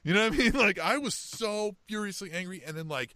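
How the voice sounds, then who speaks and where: A man's voice: high voice, expressive, fairly quick, bright, forceful tone, no echo, clean studio sound. A middle-aged man from the Kansas City area, co-hosting a podcast and telling a long story in casual chat, peppering it with "you know what I mean" and "right?". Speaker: podcast co-host.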